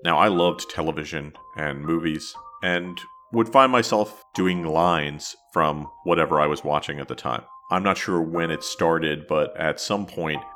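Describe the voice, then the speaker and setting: A man from New Jersey hosting a podcast, telling a wry, self-deprecating story in scripted narration. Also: extremely low pitch. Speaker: podcast host.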